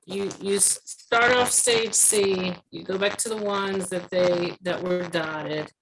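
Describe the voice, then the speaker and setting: A woman's voice: lowish voice, fairly even intonation, takes it slowly, slight background noise, poor audio. A woman trainee on a video call, asking a question hesitantly and with careful phrasing.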